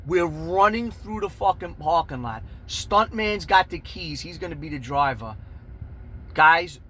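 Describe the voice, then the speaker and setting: A man telling a profane fight story, animated and swearing constantly, shouting out the punches. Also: on the high side, measured pace, slight background noise.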